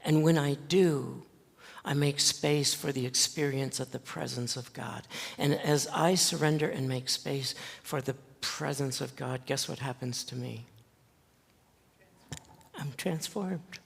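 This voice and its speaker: A male pastor preaching a sermon, telling a story slowly and earnestly with dramatic pauses. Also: medium pitch, fairly even intonation, vocal fry, breathy edge. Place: church sanctuary. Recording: long church reverb.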